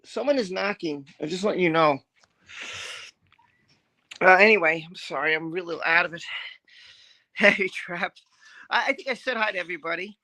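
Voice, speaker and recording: Bright-voiced woman hosting a live stream. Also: on the low side, normal speed, long pauses. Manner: greets viewers by name, chatty and scattered. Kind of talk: casual live-stream chat.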